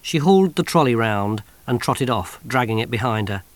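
A man narrating an audiobook in an expressive, wry storytelling manner on a close studio mic. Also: medium pitch, moderate pace, no echo.

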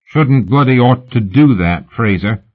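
An insolent, calculating Victorian tough, as a man puts him on, coarse and sly. The voice is raspy and thin-sounding, like over a phone. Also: medium pitch, expressive, a little slow, pitched above the performer's own voice. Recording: narrow phone-like audiobook sound.

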